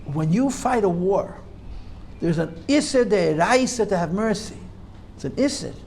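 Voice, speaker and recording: A rabbi teaching a class in an emphatic lecture style. He repeats his key points forcefully and mixes Hebrew and Yiddish terms into his English. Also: high-pitched, expressive, unhurried, vocal fry.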